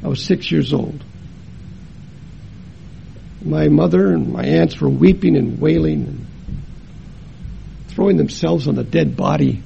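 An older man preaching a sermon and telling his own story, dramatic, moving between loud emphasis and hushed tones. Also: a little high, a little slow, vocal fry, long pauses, muffled recording, a little hiss or hum. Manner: acts out family members' voices in his story. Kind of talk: sermon with personal testimony.

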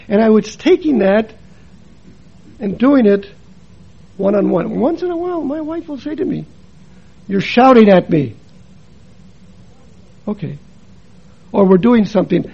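Male preacher, high and gravelly, storytelling sermon, dull lo-fi recording. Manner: storytelling, switches between quiet and emphatic. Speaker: preacher and missionary. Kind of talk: sermon with personal stories.

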